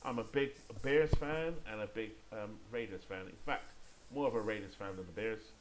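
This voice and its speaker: A man's voice: fairly low pitch, normal speed, background noise. British man calling a baseball sim game. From Great Britain. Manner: chatty, thinks aloud and corrects himself between calls. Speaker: gamer and play-by-play caller.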